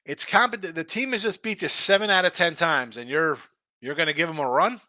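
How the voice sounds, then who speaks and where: A man's voice: fairly high pitch, normal speed, sharp tone, no room sound. A middle-aged man hosting a sports betting show, chatting casually and bluntly ranting while reading viewer comments.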